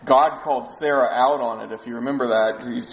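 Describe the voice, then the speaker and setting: A man's voice: mid-range voice, steady tone, brisk, highs cut off, a little hiss or hum. A man preaching a sermon, explaining a Bible passage in a conversational way. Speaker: pastor.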